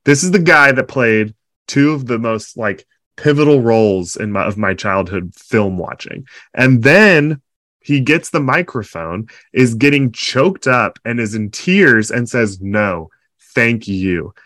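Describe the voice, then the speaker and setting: Emotional, excited man telling a story. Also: mid-range voice, measured pace, no echo. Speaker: podcast co-host. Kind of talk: casual chat.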